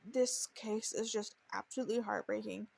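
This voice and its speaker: A woman's voice: medium pitch, steady tone, normal speed, creaky, darkish tone, slightly rough. A woman hosting a true crime podcast, telling the case in an earnest, emotional way and stumbling into restarts as she reads quotes. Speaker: podcast host.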